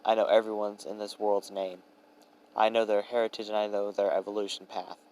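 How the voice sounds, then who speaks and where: A man voicing a playful, ancient male trickster god who teases and pouts in a breezy way. He speaks in a low voice. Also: little pitch movement, fairly quick, darkish tone, lightly acted, rough recording. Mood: teasing. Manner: teasing, pouty and breezy.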